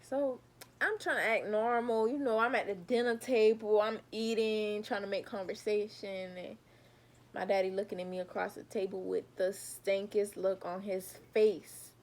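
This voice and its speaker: A woman's voice: mid-range voice, moderate pace. Chatty young woman telling a storytime. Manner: chatty, talks straight to viewers, animated retelling. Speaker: vlogger telling her own story. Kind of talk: casual storytime vlog.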